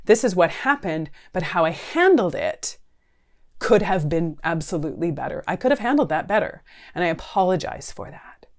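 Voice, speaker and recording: Low-ish voiced woman counsellor, earnest chatty advice to camera, lots of "right?". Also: sing-song, moderate pace. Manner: earnest, conversational, frequent "right?" and "like". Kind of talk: talking-head advice video.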